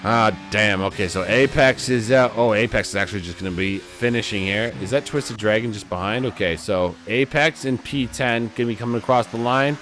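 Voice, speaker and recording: A man giving live commentary on a sim race, a bit tipsy, swinging from low mutters to loud excited calls. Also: fairly quick, hardly any pauses, slight background noise.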